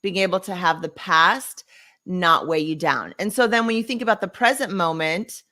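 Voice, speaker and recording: A woman's voice: fairly low pitch, normal speed, pushed and bright. A woman co-hosting a casual podcast as a coach, speaking in an encouraging, upbeat way and laughing easily.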